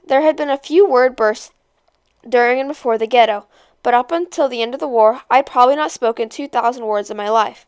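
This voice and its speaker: Young woman doing a read-aloud, smooth clear voice, pretty expressive, dry recording. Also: a little high, a little fast, no room sound. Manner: expressive reading with character voices. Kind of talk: reading a novel aloud.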